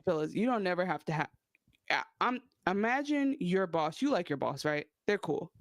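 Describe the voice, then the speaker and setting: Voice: mid-range voice, sing-song, normal speed, dry recording, clean studio sound. A co-host in a casual recap chat, playfully working through hypotheticals. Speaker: podcast co-host.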